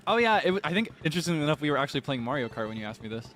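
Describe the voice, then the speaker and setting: A man's voice: fairly high pitch, sing-song, very fast, a bit bright. A man hosting a gaming stream, chatting casually in a playful, joking way with frequent laughter. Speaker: streamer and host. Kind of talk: casual chat while gaming.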